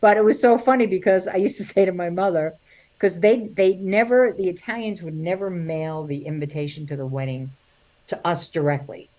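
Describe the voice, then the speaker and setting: Middle-aged woman, comic storyteller, lowish voice, plays her relatives' voices and laughs a lot. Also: fairly even intonation, a little fast, warm tone. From New York. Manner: acts out family voices, laughs often. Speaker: guest, singer and comedian. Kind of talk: animated storytelling interview.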